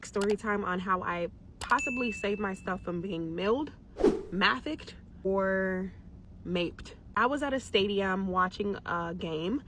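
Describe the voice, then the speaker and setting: A woman's voice: mid-range voice, unhurried, background noise. A woman in a casual storytime, chatting straight to the viewers. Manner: chatty, addresses women viewers directly.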